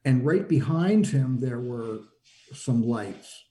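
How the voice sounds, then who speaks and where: A man with a mellow, warm tone tells a personal story in an easygoing conversational way. He stops and restarts often, repeating words as he gathers his thoughts, and lifts his pitch when he acts out what other people said. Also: animated. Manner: halting, full of repeated restarts; acts out quoted lines with shifts in pitch. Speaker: guest recounting personal experience.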